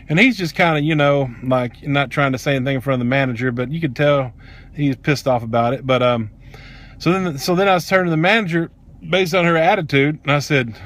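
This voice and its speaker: A man's voice: on the high side, fairly bright tone. A middle-aged man, telling a personal story bluntly and with plenty of swearing. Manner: blunt, profane, heated. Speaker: vlogger. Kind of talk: casual storytelling.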